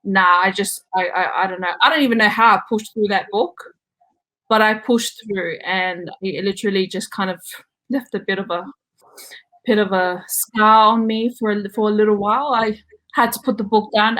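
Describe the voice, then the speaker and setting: A woman talks as a guest on a relaxed podcast. She is candid and laughs a lot. Her voice sits in a middle pitch range for a woman. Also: moderate pace, rough recording. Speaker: podcast guest, book reviewer. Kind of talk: casual podcast chat.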